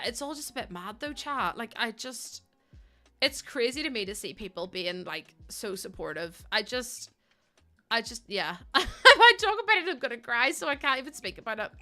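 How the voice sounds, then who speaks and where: A young woman streams live and chats to her viewers in a bubbly, giggly way. Her voice sits a little high and sounds bright and sharp, with faint game music underneath. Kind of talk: casual live-stream chat while playing.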